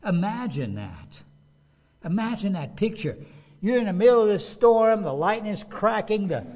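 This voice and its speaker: Animated preacher, lively man's voice. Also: high-pitched, moderate pace. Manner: animated, conversational, acts out quotes. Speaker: pastor. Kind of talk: sermon.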